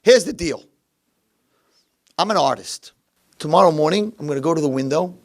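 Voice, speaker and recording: A man's voice: a little high, expressive, normal speed, voice pushed up, natural voice. A man voicing a kind, upbeat old man in a wheelchair who talks with coaxing enthusiasm. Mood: eager.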